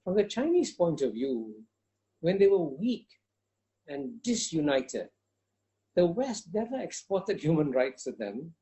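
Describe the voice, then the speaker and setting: A man with a mellow, warm-toned voice makes his case in an interview. He talks emphatically and insistently, doubling his words to drive a point home and refusing to be cut off. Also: a little high, big pitch swings, unhurried. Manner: emphatic, insistent, repeats phrases for stress. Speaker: interview guest. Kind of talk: forceful argumentative interview answer.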